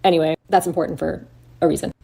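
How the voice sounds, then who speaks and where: A woman's voice: sits low, steady tone, quick pace, gravelly, warm tone, breathy edge. A woman co-hosting a talk show, reading a redacted report aloud and breaking off with sarcastic, indignant commentary and swearing. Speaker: podcast co-host.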